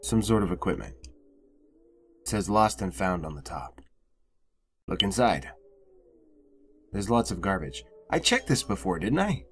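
A man's voice: low-pitched, big pitch swings, a little slow, pauses often, fairly bright tone, a little hiss or hum. A young man commentating casually on a horror game, swearing often and getting exasperated. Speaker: gamer. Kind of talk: let's play commentary.

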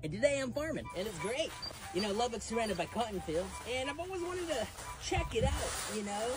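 Young guy vlogging in a backyard, high voice that jumps around a lot, jokey and playful, loud music behind him. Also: very animated, a little fast, rough recording. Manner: playful, joking, narrating his own chores. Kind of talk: casual vlog banter. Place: outdoors in a backyard.

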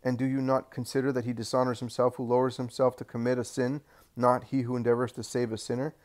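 An earnest disciple who reproaches with pointed questions, as a male reader puts him on. He speaks in a middle-pitched male voice in a read-aloud story. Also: flat delivery, quick pace, darkish tone, lightly acted. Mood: reproachful.

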